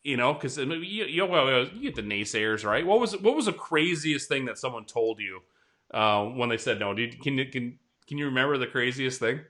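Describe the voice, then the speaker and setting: A man hosting a casual interview chat, energetic and quick, often checking in with "right?". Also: medium pitch. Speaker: host.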